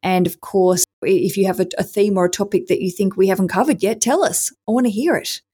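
A woman's voice: mid-range voice, quick pace, warm tone, slightly rough. A woman hosting a podcast, wrapping up an interview with enthusiastic praise and laughter. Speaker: podcast host.

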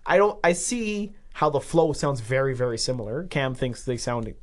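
A podcast host in casual chat, rambling and animated, swearing now and then and laughing mid-sentence. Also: mid-range voice, moderate pace.

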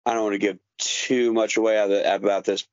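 A man's voice: lowish voice, level tone, fairly quick, dry recording. A man guesting on a casual podcast, talking in a hesitant way, hedging and correcting himself. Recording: dry, dull lo-fi audio.

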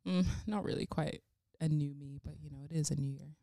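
A woman's voice: low voice, fairly even intonation, a little fast, gravelly, warm tone, no echo, studio quality. A young woman guest-interviewing on a podcast, bubbly and giggly, chatting in long run-on stretches. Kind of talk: casual podcast chat.

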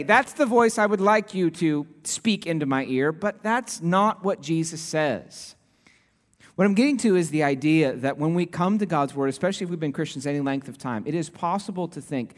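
A man delivers an earnest sermon, explaining scripture through homely everyday examples. His voice sits somewhat high for a man. It carries a long, ringing church reverb. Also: animated, moderate pace. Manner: earnest, conversational preaching with everyday illustrations. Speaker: pastor. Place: church sanctuary.

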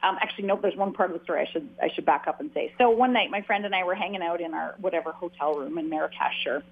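A chatty woman from Canada, telling her story in a loose, rambling way and often restarting her sentences. Her voice comes through a thin, phone-like line that cuts off the lows and highs. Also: fast talker, gravelly. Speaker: author and guest. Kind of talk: casual interview conversation.

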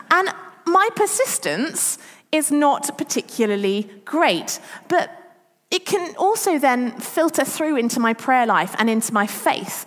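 A woman giving a chatty, self-deprecating church talk as preacher. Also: fairly high pitch. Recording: long reverb of a church hall.

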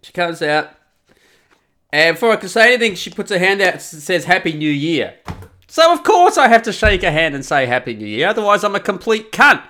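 A man's voice: high voice, fairly quick. A middle-aged man ranting profanely through a comic podcast monologue. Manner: sweary, ranting, animated. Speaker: podcast host.

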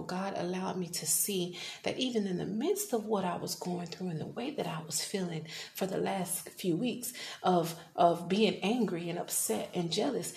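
A woman in her thirties hosts a personal faith podcast, speaking at a moderate pace in a fairly low, creaky, slightly mellow voice with hardly any pauses. She's earnest and confessional, at times dropping to a whisper. The room is echoey, with faint background noise.

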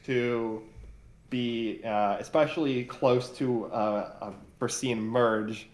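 A man's voice: mid-range voice, steady tone, takes it slowly. A man co-hosting a casual recap discussion, talking in a hesitant way with many filler sounds. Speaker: podcast co-host. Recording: roomy echoey room.

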